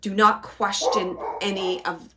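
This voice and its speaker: A woman giving a live spirit reading as a medium, speaking gently and hesitantly with many pauses, earnestly relaying messages. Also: medium pitch, little pitch movement, heavy background noise. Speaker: psychic medium.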